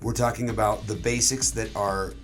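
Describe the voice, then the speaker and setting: A man who grew up in Alaska, a guest English teacher explaining pronunciation in an earnest, steady way. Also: fairly low pitch, moderate pace, soft background music. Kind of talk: casual interview.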